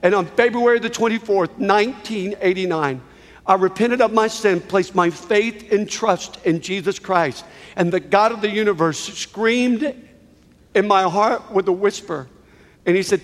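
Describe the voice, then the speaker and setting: A middle-aged man preaching a sermon to a church audience, impassioned, with dramatic pauses and repeated phrases. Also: high-pitched. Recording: reverberant hall.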